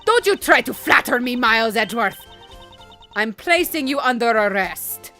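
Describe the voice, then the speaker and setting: A woman's voice: high-pitched, animated, moderate pace, pushed and bright, soft background music, pitched above the performer's own voice, heavily acted. A woman voicing a haughty young female prosecutor with a put-on foreign accent, reading game dialogue on a stream. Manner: clipped commanding delivery, put-on Eastern European accent.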